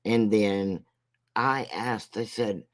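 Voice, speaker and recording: A man giving a casual commentary rant as a vlogger, rambling and mocking, with halting restarts. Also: on the low side, fairly even intonation.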